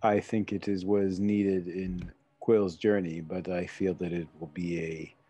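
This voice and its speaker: A man putting on a deep, dark-toned adventurer voice for a tabletop game, husky and slow. Grave and measured, with a dry, close sound. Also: flat delivery. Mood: solemn.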